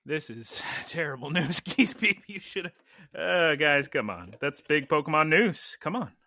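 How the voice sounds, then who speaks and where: A man hosting a casual podcast, telling stories in an animated way with frequent laughs. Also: on the high side, measured pace, slight background noise. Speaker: podcast host.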